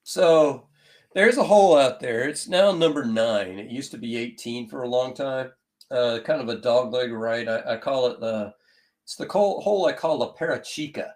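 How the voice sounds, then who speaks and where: A man co-hosting a casual sports podcast, talking in a calm, measured, conversational way. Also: mid-range voice.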